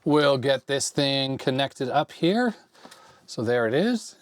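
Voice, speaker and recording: A man in his forties with a slightly hoarse voice from a cold, casually thinking aloud as he tinkers with retro computer hardware. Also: medium pitch, animated, takes it slowly, no room sound. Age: 40s. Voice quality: slightly raspy. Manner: rambling, thinks aloud while handling hardware. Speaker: retro computer video host. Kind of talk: casual hands-on tech vlog. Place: home workbench.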